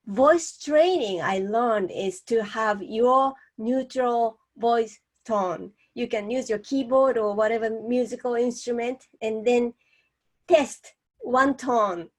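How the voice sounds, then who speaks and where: A woman from Japan with a Japanese accent, co-hosting a talk on speaking and demonstrating voice tones deliberately. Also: fairly high pitch. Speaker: co-host, professional speaker. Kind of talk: casual panel discussion on speaking.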